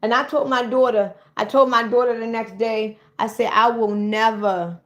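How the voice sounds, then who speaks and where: A woman's voice: a little high, fairly even intonation, moderate pace, fairly bright tone, dull audio. A middle-aged woman chatting casually on a livestream, telling blunt, profane stories straight to her viewers.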